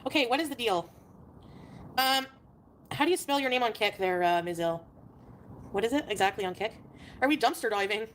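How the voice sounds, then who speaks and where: A fairly high-voiced woman chats casually on a livestream and reads out her viewers' names with easy familiarity. A faint hiss of background noise runs under her voice. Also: expressive, a little fast, long pauses. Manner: chatty, greeting viewers by name with frequent laughs. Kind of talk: casual live stream chat.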